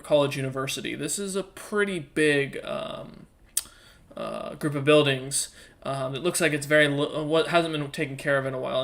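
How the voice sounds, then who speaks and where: A game master narrating a tabletop game, talking at a middling pitch. The description stops and starts, full of fillers and restarts. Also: a bit bright. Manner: halting, filler-heavy description.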